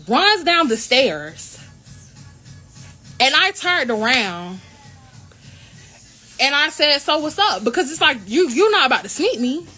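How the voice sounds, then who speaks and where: High bright young woman telling a story. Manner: animated, indignant retelling with quoted dialogue. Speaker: college royal court member. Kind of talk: casual storytime vlog.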